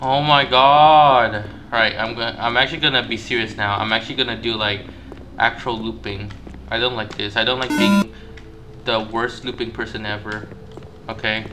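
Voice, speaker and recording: A man doing gameplay commentary, panicky and self-mocking, repeating words in nervous bursts and shrieking high when caught. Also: steady tone, moderate pace, over music. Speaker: gaming YouTuber.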